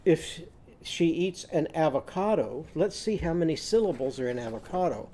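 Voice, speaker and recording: A man's voice: on the high side, animated, normal speed, warm tone, slight background noise. A man teaching a children's phonics lesson, modelling sounds in a sing-song way for the class to repeat.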